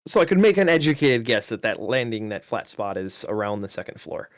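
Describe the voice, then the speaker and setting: A man's voice: on the low side, big pitch swings, brisk, no echo, studio quality. A man playing a tabletop game on a live stream, thinking aloud with many questions and ums. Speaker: player.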